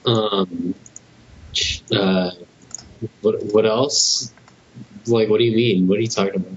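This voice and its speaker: A man's voice: fairly low pitch, steady tone, slow, breathy edge. A young man co-hosting a casual podcast, rambling and hesitant with many restarts and curse words. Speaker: podcast co-host. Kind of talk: casual chat. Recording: dull lo-fi podcast audio with faint hiss.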